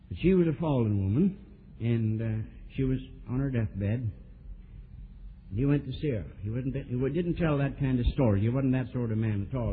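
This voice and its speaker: A man preaching a sermon, telling a story and swinging from soft, low asides to emphatic, raised lines. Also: a little hiss or hum. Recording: old tinny lo-fi sermon tape.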